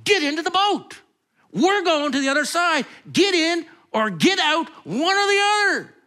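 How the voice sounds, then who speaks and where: An eager, joking Jesus as a preacher puts him on, pitched well above the speaker's usual voice. The delivery is loud, bouncy and swooping, teasing and coaxing his friends like an excited leader rallying a crew. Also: normal speed, exaggerated voice. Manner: teasing, high and lively.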